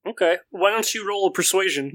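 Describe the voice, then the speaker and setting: Game master guy narrating the scene, bright voice, dry close sound. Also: sits high, brisk, no echo.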